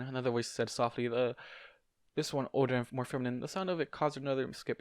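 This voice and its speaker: A man's voice: mid-range voice, a little fast, clear, resonant tone, no echo. A man narrating fanfiction aloud in an amateur audiobook read, stumbling and correcting himself now and then and dropping casual asides. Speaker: fanfiction reader.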